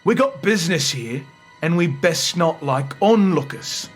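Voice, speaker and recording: A man's voice: a little high, expressive, unhurried, soft background music. A man voicing a crude, swaggering male sailor gang leader who sneers and swears. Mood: sneering, aggressive.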